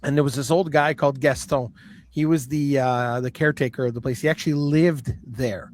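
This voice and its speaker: A man telling a story in casual chat, animated and swearing freely. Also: medium pitch, fairly quick. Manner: animated, swears freely, acts out quoted voices. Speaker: guest.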